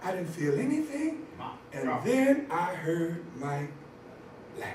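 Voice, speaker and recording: High-voiced man preaching in an echoey hall. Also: takes it slowly, far from the mic, slight background noise. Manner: animated, often shouting for emphasis. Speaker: conference speaker. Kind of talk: sermon-style storytelling. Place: church conference hall.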